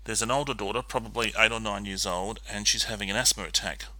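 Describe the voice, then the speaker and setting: A man co-hosting a film podcast, recapping scenes in a steady, methodical way with frequent ums. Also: on the low side, fast talker, dry recording. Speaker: podcast co-host. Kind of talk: casual film discussion and plot recap.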